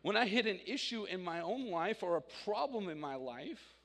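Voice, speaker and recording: A man in his thirties preaching a sermon, telling personal stories with animated swings from loud to quiet. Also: high voice, normal speed. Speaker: pastor. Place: church sanctuary. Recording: reverberant church hall.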